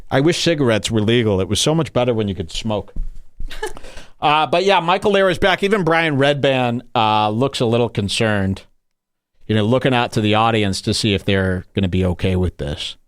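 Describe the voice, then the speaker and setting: A man hosting a podcast, ranting crudely and mockingly, now and then jumping into high put-on voices. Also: lively intonation, moderate pace, clear, resonant tone, no room sound, clean studio sound. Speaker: podcast host. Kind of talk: crude comedic podcast rant.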